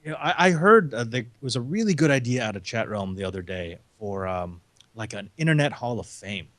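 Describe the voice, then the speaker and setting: A man's voice: mid-range voice, animated, brisk, a bit bright, no echo. A wry, playful man who is a Catholic priest, joking as a guest on a live show. His intonation swoops up and down. His voice sounds dry and close, with no room around it. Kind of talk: casual live-show chat.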